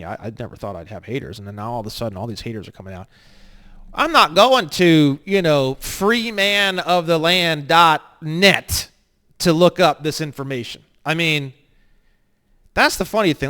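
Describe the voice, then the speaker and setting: A man teaching an online course in a crude, joking way, swinging between low muttering and loud, excited rants. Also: clean tone. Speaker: online legal course instructor. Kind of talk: profane, rambling screen-share lesson.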